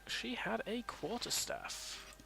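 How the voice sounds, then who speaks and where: A man's voice: high-pitched, wildly swooping pitch, slow, vocal fry, music in the background. A young man casually commenting on his gameplay as a let's play host, thinking aloud.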